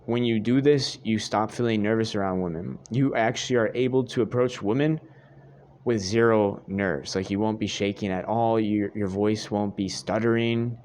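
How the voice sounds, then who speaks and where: A young man with a fairly low voice delivers a dating-advice monologue to his viewers. He is earnest and a little repetitive, and he keeps coming back to "I'm telling you guys.". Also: steady tone, normal speed, a little mellow. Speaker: dating coach. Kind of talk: direct-to-camera advice monologue.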